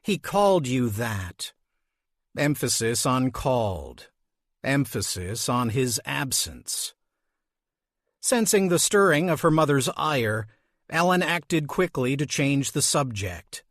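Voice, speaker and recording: A man reading an audiobook as narrator, with slow, measured delivery. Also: mid-range voice, lively intonation, fairly bright tone, no echo, studio quality. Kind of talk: scripted narration.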